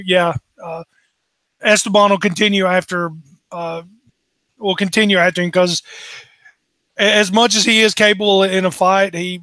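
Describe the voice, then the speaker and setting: A man explaining what his character does in a tabletop game, stumbling and repeating himself. His voice is high for a man, recorded close and dry. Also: sharp tone, no room sound. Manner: hesitant, repeating words. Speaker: player. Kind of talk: narrating his character's actions.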